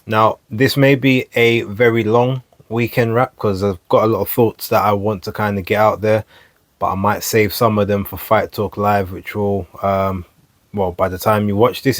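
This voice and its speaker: Male vlogger, lowish voice, rambling and self-correcting, dry close recording. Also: no room sound. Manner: rambling, self-correcting, stumbles over names. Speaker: boxing vlog host. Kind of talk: casual solo commentary to camera. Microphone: camera mic.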